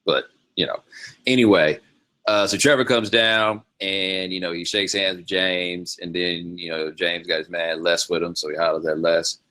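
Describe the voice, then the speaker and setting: A man's voice: low voice, fairly even intonation, normal speed, sharp tone. A man hosting his own show, telling loose, rambling stories in a casual, slangy way with frequent laughs. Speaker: podcast host. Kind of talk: casual storytelling monologue.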